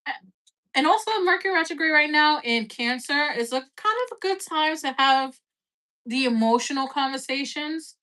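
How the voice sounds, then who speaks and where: A woman with a slightly high voice hosts a relaxed live tarot reading. She talks in a loose, rambling way, filling gaps with "like" and "right?" and swearing casually now and then. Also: normal speed. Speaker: tarot reader.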